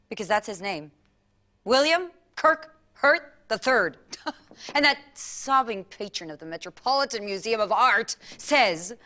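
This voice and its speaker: A woman performing a comic story in a theatrical, animated way, with laughing asides. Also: fairly high pitch, measured pace.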